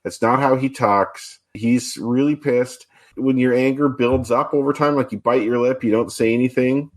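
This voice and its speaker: Male co-host, casual podcast chat, explains things quickly and thoughtfully, mid pitch. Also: fairly even intonation.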